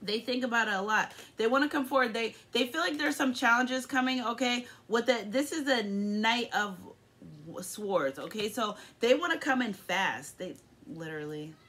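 A woman's voice: fairly high pitch, lively intonation, normal speed, fairly bright tone. A woman giving a casual tarot reading, rambling, profane and upbeat. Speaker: tarot reader.

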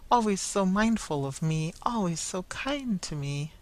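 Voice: mid-range voice, expressive, unhurried, voice pushed up, natural voice. A reader voicing a tender, grieving blind young woman who speaks with earnest pleading.

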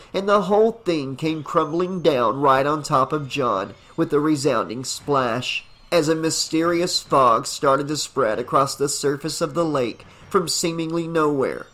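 A man narrating a fan novelization as an audiobook in a dramatic, deliberate reading. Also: a little high, animated, fairly bright tone. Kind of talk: scripted narration.

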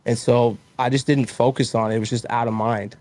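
A man's voice: medium pitch, a little fast. A man in his thirties, a business owner being interviewed, talking candidly and acting out the voices of people in his stories. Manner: candid, animated storytelling, acts out quoted voices. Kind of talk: casual conversational interview.

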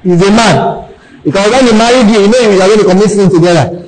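High-voiced Nigerian pastor preaching emphatically. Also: male voice, fast, a little mellow, poor audio. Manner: keeps checking in with the congregation; emphatic, repeats key phrases. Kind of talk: sermon. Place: church.

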